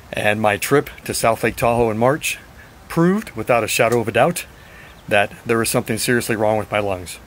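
A man at an ordinary mid pitch talks in a loose, rambling video-diary way, frank and now and then cursing. His voice is a little raspy and short of breath. A faint hiss sits under the recording. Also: poor audio. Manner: rambling, frank, swears at times. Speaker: vlogger.

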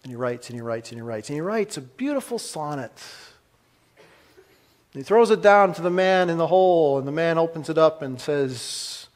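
A man preaching a sermon as pastor, pausing dramatically and swinging between emphatic lines and hushed, soft ones. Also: a little high, animated, in a large hall.

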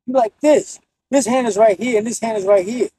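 Blunt high-voiced streetwise man coaching boxing. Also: a little fast, dark tone, slight background noise, poor audio. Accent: New York. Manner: streetwise, blunt and profane, demonstrating moves as he talks. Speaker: boxing instructor. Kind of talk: casual boxing tips to camera.

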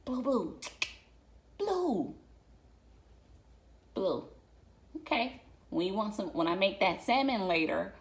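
A woman talking to her dog on camera at home, scolding and coaxing it in a sing-song pet-talk voice. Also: mid-range voice. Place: at home by a window.

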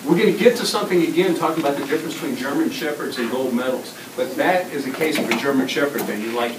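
A middle-aged man giving an energetic, interactive presentation to a school class, often asking the children questions. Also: a little high, fast talker, few pauses. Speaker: guest presenter. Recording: echoey classroom taped from far off with noise.

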